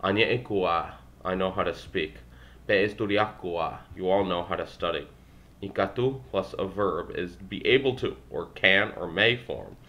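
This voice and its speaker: Deep-voiced man reading a language textbook. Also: bright, forceful tone. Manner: halting, self-correcting, wry asides. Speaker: language learner vlogger.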